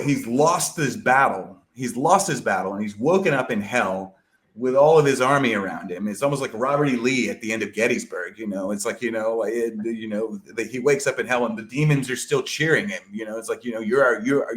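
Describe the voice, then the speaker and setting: Medium in pitch and moderate in pace, this man is a guest on a casual podcast talking about an epic poem, meandering through restarts and fillers like "like" and "you know" with a slightly profane, loose style.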